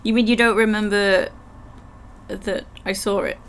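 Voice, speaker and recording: A woman with a croaky throat chatting with her live chat while reading game text aloud. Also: mid-range voice, flat delivery, unhurried, a little hiss or hum. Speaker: livestream gamer.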